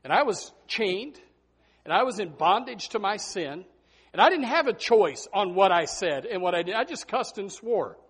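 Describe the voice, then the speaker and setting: A man preaching a sermon as pastor, animated and folksy, breaking into snatches of hymns. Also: high voice, normal speed, slightly rough.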